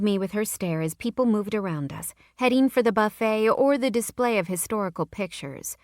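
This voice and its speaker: A woman reading a romance audiobook in the first person, her mid-pitched voice even and close. The sound is dry and right at the mic, with an intimate storytelling feel. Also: moderate pace, few pauses, no echo. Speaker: audiobook narrator.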